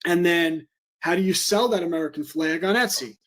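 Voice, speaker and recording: A man's voice: fairly high pitch, normal speed, fairly bright tone. A man, a home school educator, giving an interview and explaining at length with frequent "um" fillers. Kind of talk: interview talk.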